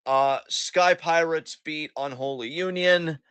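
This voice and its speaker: Bright-voiced sarcastic wrestling podcaster. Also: male voice, fairly high pitch, takes it slowly, smooth, no echo, lo-fi sound. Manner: profane, sarcastic, acts out quotes. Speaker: podcast co-host. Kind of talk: casual wrestling recap chat.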